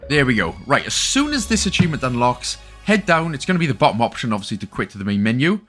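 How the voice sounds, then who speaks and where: Welsh guy doing game achievement commentary, joky and rambly, soft music under. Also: medium pitch, sing-song, fast talker. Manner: chatty, joking, apologetic asides. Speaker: gaming channel host. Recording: faint game music behind.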